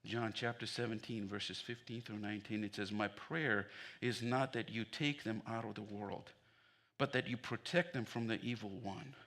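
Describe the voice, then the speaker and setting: A man preaching a sermon as pastor, telling stories with humor and building to excited emphasis. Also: fairly low pitch, normal speed. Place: church sanctuary.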